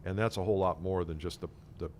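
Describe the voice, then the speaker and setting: A man's voice: low-pitched, fairly even intonation, quick pace, a little hiss or hum. A man co-hosting a conversational podcast as a sales consultant, thinking aloud and acting out what imagined clients would say. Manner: reflective, makes points by acting out imagined clients.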